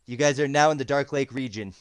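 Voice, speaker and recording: A man's voice: mid-range voice, quick pace, dry recording. A man narrating a tabletop game as game master over a voice chat, hesitant with many ums. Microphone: voice chat call.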